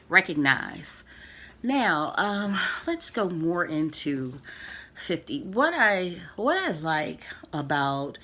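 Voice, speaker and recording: Low-voiced woman, earnest sassy address. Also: fairly bright tone. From United States. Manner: earnest and emphatic, with sassy asides. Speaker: vlogger giving book feedback. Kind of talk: casual direct-to-camera address.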